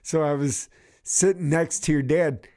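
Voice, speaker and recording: A man's voice: a little high, unhurried, warm tone. A man hosting a radio show, chatting casually and swearing as he tells stories. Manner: profane, laughing storyteller. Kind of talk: casual chat.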